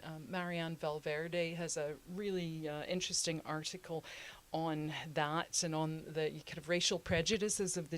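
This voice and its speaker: A woman co-hosting a history podcast, talking casually with laughing asides and many fillers. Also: fairly low pitch. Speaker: podcast co-host.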